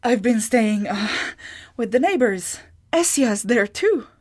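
A practical farm woman with little patience, speaking briskly and matter-of-factly, voiced by a woman narrator. Her tone stays plain and direct in a storybook reading. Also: fairly high pitch, animated, voice pushed up.

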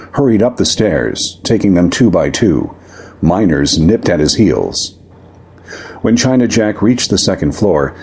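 A man narrating a fantasy western story in a measured, expressive storytelling manner. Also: sits low, slightly rough.

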